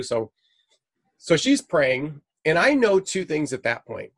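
A man's voice: fairly high pitch, slow, no echo. A middle-aged man, a missionary guest, telling a story in conversation and acting out the quoted lines with energy. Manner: animated, acts out quoted dialogue.

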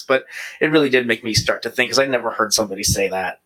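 In a low-quality recording, a fast-talking man of medium pitch recounts his conversion story as a guest in casual conversation. He's an animated storyteller who often quotes himself in lively voices.

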